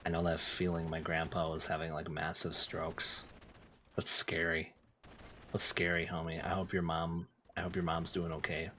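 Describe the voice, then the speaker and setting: A man's voice: sits low, monotone, normal speed, sharp tone, slight background noise. A young man casually chatting with his chat while streaming a game, laid-back and talkative. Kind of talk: casual gameplay commentary.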